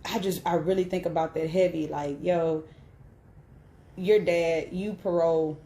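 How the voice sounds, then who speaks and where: A woman with a low, mellow voice talks candidly to her live-stream viewers, loose and chatty, laughing and cursing as she goes. The sound is roomy and echoey, as if from a bare room. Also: fairly even intonation, unhurried. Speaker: video host speaking to viewers. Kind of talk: casual live-stream storytelling. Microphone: single mic on a live stream. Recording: roomy echo.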